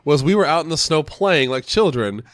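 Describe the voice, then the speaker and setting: A man's voice: a little high, animated, moderate pace, dry recording, studio quality. A man hosting a podcast, sick and nasal, chatting casually and laughing through his stories. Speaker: podcast host. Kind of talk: casual chat.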